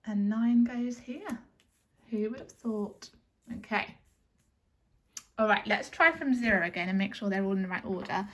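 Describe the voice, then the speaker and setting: Slow, bright-voiced woman teacher. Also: a little high. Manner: cheerful, encouraging, sing-song counting. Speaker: early years teacher. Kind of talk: teaching young children by video. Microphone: handheld camera.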